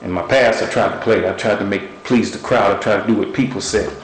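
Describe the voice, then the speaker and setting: A man's voice: fairly low pitch, fairly quick. A middle-aged man preaching a sermon, repeating short phrases and using objects as illustrations. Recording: echoey room with faint noise.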